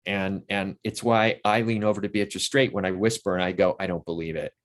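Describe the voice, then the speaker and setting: Animated man telling set stories. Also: lowish voice, a little fast. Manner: animated storyteller who acts out quotes from the set. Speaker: interview guest, actor and playwright. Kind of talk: casual interview chat.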